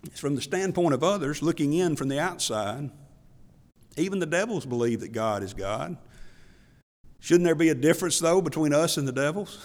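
A male pastor preaching a sermon in a folksy, conversational way, telling Bible stories and reading scripture aloud. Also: fairly high pitch. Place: church. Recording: reverberant church hall.

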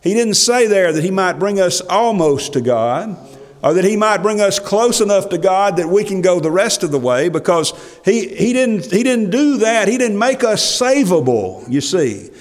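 A male pastor preaching a sermon, reading scripture in old-fashioned wording and rising to emphatic passages before dropping quiet. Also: high-pitched, very animated, normal speed. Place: church sanctuary. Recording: long hall reverb from a church.

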